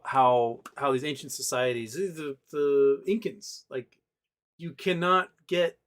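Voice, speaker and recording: A man's voice: medium pitch, fairly bright tone. A man hosting a casual livestream, rambling with lots of fillers and restarts as he reads out viewer chat. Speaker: livestream host.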